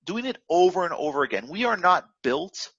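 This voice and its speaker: A man's voice: high-pitched, big pitch swings, normal speed, fairly bright tone, breathy edge, dry recording, highs cut off. A man coaching forex traders in a casual motivational talk, rambling and full of fillers and repeats. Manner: rambling, filler-heavy, repetitive, instructive.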